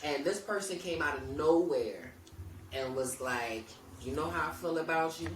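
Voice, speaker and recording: A woman co-hosting a podcast, telling a story in a relaxed, casual way and acting out the people in it. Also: sits low, normal speed. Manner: animated, acts out quoted people. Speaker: podcast co-host. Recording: roomy, distant mic with faint noise.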